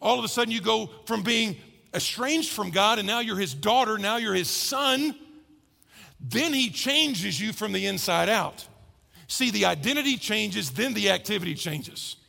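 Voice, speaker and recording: A man preaching a sermon as pastor, animated and acting out the voices of characters. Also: sits high, normal speed, vocal fry, in a large hall. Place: church hall.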